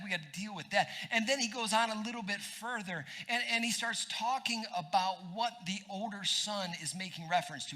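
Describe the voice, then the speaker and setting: A man preaching a sermon as pastor in a church, animated and conversational, throwing quick asides to the congregation. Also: high-pitched.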